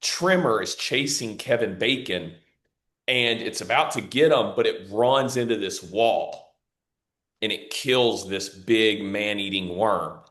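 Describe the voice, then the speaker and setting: A man's voice: lowish voice, takes it slowly, fairly bright tone. A man hosting a podcast, telling a family story in a chatty, affirming way. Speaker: podcast host. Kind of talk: casual interview talk.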